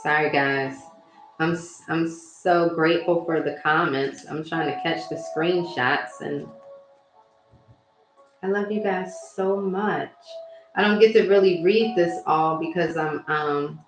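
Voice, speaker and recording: A woman mindset coach on a phone livestream, talking casually and warmly to viewers and reading their comments aloud. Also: sits low, slow pace. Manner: warm, chatty, addresses viewers directly and reads their comments aloud. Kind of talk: casual motivational livestream talk. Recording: very echoey room with faint music.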